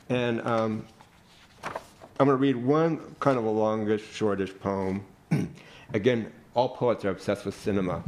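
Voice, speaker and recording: A bookstore book buyer reading poetry aloud in a slow, deliberate way. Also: male voice, fairly low pitch, a little mellow.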